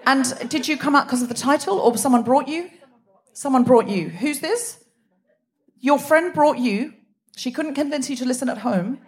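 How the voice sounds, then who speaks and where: A woman raised in Australia hosting a live comedy podcast on a theatre stage, teasing and chatting with the crowd. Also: sits high. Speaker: host. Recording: noisy live theatre recording.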